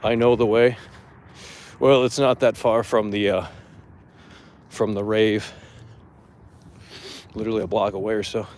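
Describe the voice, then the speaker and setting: A man's voice: lowish voice, flat delivery, measured pace, pauses often, darkish tone, slight background noise. A man hosting a live gaming show outdoors, talking bluntly and profanely in a casual rant.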